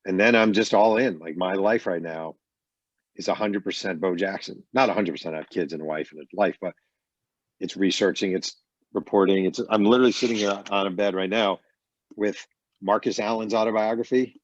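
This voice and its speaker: A man's voice: deep voice, brisk, no room sound. A middle-aged man, a best-selling author, telling stories casually in an interview over a video call from his bedroom. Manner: animated anecdotes with acted quotes. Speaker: author guest. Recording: dull lo-fi call audio.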